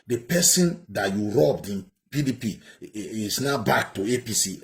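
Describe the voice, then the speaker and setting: A man's voice: fairly low pitch, lively intonation, normal speed, hardly any pauses. A Nigerian man giving heated, indignant commentary, ranting and repeating himself.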